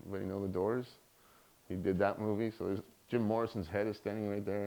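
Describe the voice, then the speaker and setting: A man's voice: on the low side, fast talker. A middle-aged man giving a guest lecture, telling an anecdote and acting out the people he quotes. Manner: animated, acts out quoted voices. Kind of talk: storytelling in a lecture.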